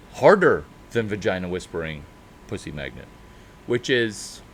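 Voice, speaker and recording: A man riffs on startup advice in a loose, unscripted monologue. His voice sits at a middling pitch but jumps up and down with sudden bursts of loudness and slow, stretched emphasis. A faint background hiss runs under the recording. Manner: animated, jumping pitch and loudness, drawn-out emphasis. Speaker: startup mentor speaker. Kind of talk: off-the-cuff monologue.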